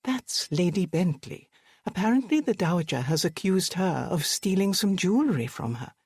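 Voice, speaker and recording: An audiobook narrator voicing a sharp-witted young woman who speaks in a brisk, dry, teasing way. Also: mid-range voice, expressive, slightly rough, no room sound.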